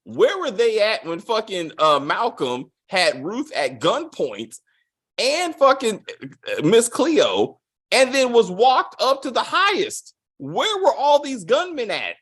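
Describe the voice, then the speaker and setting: A man hosting a casual spoiler review of a TV episode, animated and profane, acting out quotes with big swings in his voice. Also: high voice, slow, husky. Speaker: TV review host.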